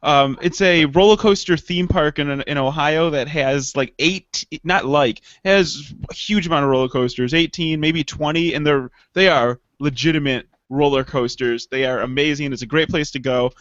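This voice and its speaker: High-voiced excitable man, dry lo-fi. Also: moderate pace, hardly any pauses, dry recording. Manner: excitable, stammers and restarts, jokey. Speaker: podcast co-host. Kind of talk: casual chat. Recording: dry lo-fi podcast audio.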